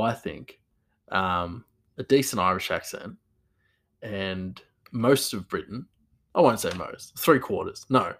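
A man's voice: lowish voice, fairly bright tone. A young man chatting casually about accents, rambling, self-correcting and laughing at himself. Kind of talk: casual chat.

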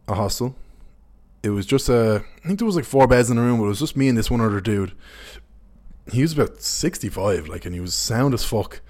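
A young man with a fairly low voice, hosting a casual podcast. He tells candid, rambling anecdotes and swears freely as he goes. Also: darkish tone. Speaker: podcast host. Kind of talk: casual storytelling chat.

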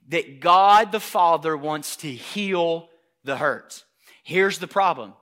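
A male pastor preaches a sermon to a congregation in a high, bright voice. He drops into hushed, close asides, then climbs to loud, emphatic declarations. The voice stays crisp and forward throughout. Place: church hall before a congregation.

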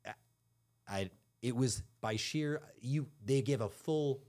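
A man's voice: mid-range voice, takes it slowly, a little mellow. A man co-hosting a podcast, telling a candid, profane story in casual chat and acting out the quotes. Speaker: podcast co-host.

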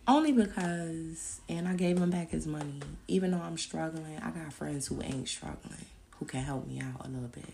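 Blunt, low-voiced woman. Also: moderate pace, gravelly, few pauses, slight background noise. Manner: blunt, profane, animated storytelling. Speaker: podcast host. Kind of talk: casual monologue.

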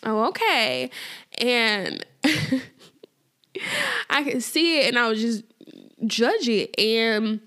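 A woman's voice: fairly high pitch, very slow, pauses often, a bit bright. A woman hosting a casual faith podcast, talking informally with lots of fillers and repeated phrases for emphasis. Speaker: podcast host.

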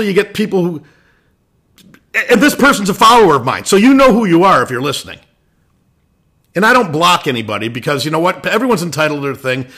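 Male host, blunt swearing rant, bright husky tone, pitched a bit high. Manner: blunt, swears, ranting, many restarts. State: irritated. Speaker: lacrosse podcast host. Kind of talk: opinion rant.

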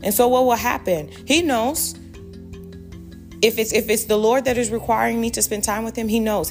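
A woman's voice: fairly high pitch, normal speed, darkish tone, soft background music. Fervent woman giving spiritual advice. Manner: fervent, preacherly. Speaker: Christian parenting speaker. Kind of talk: spiritual teaching monologue.

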